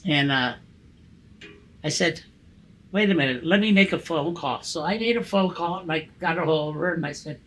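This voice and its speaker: A man in his sixties, a podcast guest, telling profane, animated stories in casual conversation and acting out the dialogue. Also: on the high side, moderate pace, rough recording. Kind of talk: casual storytelling interview.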